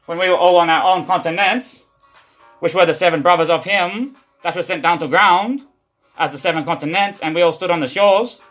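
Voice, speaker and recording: A man's voice: high voice, brisk, a bit bright, faint music behind. A man streaming a rambling, repetitive religious monologue, preachy and full of profanity.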